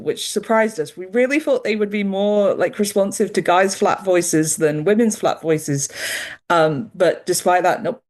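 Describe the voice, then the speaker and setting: A British woman, a dog behavior researcher, explaining her findings in a chatty, lively interview manner. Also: mid-range voice. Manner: chatty and lively, laughing easily, with mild restarts.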